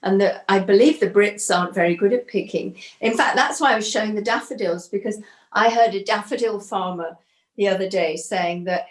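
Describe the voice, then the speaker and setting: A woman's voice: mid-range voice, fairly quick, echoey room. An older woman with an English accent, chatting genteelly as co-host. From England. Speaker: co-host, host's mother.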